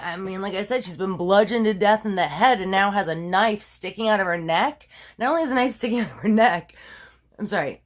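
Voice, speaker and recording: A woman's voice: medium pitch, a bit bright. A woman casually retelling a true crime story, chatty and full of asides, laughing at her own dramatic telling.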